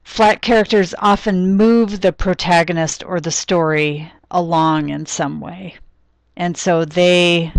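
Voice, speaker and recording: Woman lecturer, low voice, dry sound, explanatory with ums and restarts. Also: gravelly, dry recording. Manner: explanatory, thinks aloud with frequent ums and restarts. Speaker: literature lecturer. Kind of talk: recorded classroom lecture.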